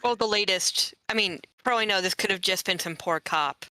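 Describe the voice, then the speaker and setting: A woman with a bright, sharp voice jokes playfully on a watch-along voice call. Her talk is giggly and loose. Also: medium pitch, fairly quick, no echo, low-quality recording. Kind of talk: casual watch-along chat. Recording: voice chat call.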